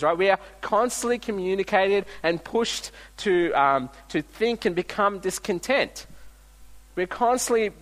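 A man preaching a sermon in a relaxed, storytelling way, often restarting his sentences. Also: sits high. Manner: conversational, storytelling with frequent restarts. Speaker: pastor. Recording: long reverb of a large hall.

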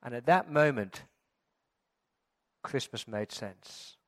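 A man who is a pastor, giving a Christmas sermon, telling stories and building to loud, emphatic preaching. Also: medium pitch, expressive, slow pace.

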